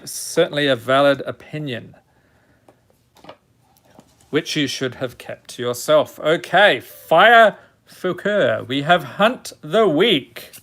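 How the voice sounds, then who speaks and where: Sex: man. Role: host opening card packs. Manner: dry, self-mocking, unhurried, a bit high-pitched. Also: a bit bright. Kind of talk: casual pack-opening commentary.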